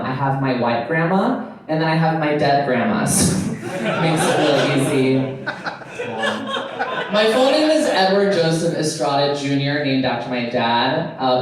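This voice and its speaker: A man doing a stand-up set, playful and self-mocking, laughing at his own jokes. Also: medium pitch. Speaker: stand-up comedian. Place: nightclub stage. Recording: echoey club from far off, audience audible.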